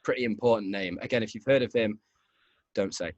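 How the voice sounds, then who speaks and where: A man's voice: on the low side, a little fast, darkish tone, no echo, highs cut off. Brief: male podcast host, rambling storyteller, dry close sound. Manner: rambling, laughing. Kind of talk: casual storytelling chat.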